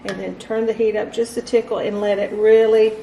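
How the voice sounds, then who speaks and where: A woman's voice: mid-range voice, level tone, fairly quick, vocal fry, dark tone, roomy sound, a little hiss or hum, low-quality recording. A middle-aged woman hosting a casual, homey cooking demonstration in her kitchen. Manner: chatty, instructive, homey. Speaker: home cooking host. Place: home kitchen.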